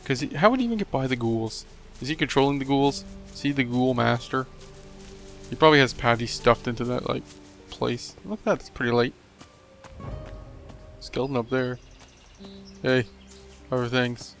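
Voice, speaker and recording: A man's voice: medium pitch, normal speed, pauses often, fairly bright tone, faint music behind. A young man commenting on his game as a let's play host, joking and rambling and talking back at the enemies. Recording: noisy home recording.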